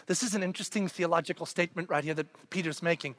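A male pastor preaching a conversational sermon, asking the congregation questions and swinging between loud emphasis and hushed near-whispers. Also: a little high, quick pace, few pauses, no room sound.

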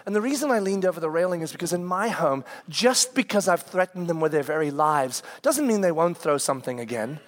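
A man's voice: fairly high pitch, expressive, fairly quick, few pauses. A man in his forties, a pastor telling a funny family story in a sermon, acting out the scenes with quoted voices and poking fun at himself. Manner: self-deprecating humor.

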